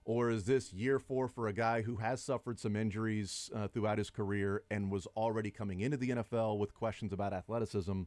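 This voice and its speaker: A man's voice: on the low side, steady tone, a little fast, hardly any pauses, darkish tone, no room sound. A middle-aged man hosting sports talk radio, chatting and arguing his points at length. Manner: conversational, argumentative, builds long points.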